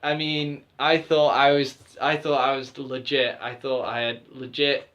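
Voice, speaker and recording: A man's voice: mid-range voice, a little slow, dull audio. A young man co-hosting a podcast, telling an embarrassing story in casual chat and acting out the voices of the people in it. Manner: animated, acts out quoted voices. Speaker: podcast co-host.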